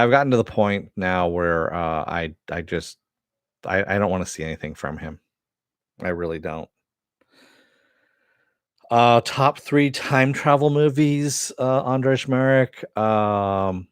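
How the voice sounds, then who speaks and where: Deep-voiced man chatting casually. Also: no room sound, studio quality. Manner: chatty, answers viewer chat, swears. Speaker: host. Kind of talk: casual live-stream chat.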